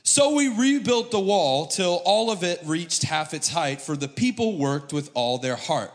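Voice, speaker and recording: An American man preaches from a church stage, reading scripture dramatically and cracking jokes between the verses. His voice sits a little high, and a long reverb from the hall trails after each phrase. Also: animated, measured pace. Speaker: pastor. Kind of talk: sermon.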